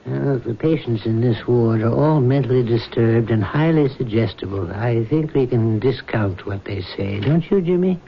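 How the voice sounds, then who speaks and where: An actor playing a measured, dismissive middle-aged doctor in a 1970s radio drama. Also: male voice, mid-range voice, vocal fry, close to an everyday voice. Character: calm, clinical, dismissive male doctor. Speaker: hospital doctor. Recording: dull lo-fi old radio recording with faint hiss.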